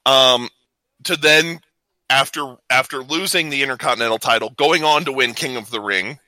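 A man's voice: medium pitch, normal speed, bright, forceful tone, dry recording, poor audio. A man co-hosting a casual podcast, talking in long rambling runs with many restarts. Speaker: podcast co-host. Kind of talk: casual wrestling podcast chat.

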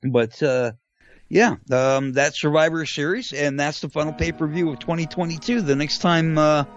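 A man's voice: a little high, normal speed, lo-fi sound, soft background music. A man co-hosting a casual podcast chat, hesitant and wry, chuckling at his own jokes. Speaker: podcast co-host.

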